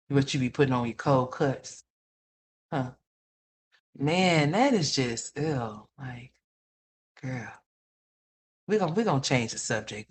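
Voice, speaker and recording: Bold, profane woman livestream host. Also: lowish voice. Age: adult mother. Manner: loud, profane, animated, calls viewers "y'all" and "honey". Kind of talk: casual livestream commentary reacting to chat.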